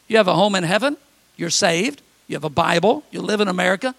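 High, gravelly preaching man. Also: fast, a bit bright, no echo. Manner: preaching with mimicked complaining voices. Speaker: pastor. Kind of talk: sermon.

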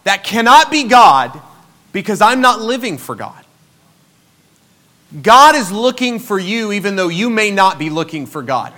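In his forties, this pastor delivers a storytelling sermon in a high, bright, forceful voice. He sinks to near-murmurs, then surges into emphatic bursts, keeping things personal and conversational with lively intonation at a normal speed.

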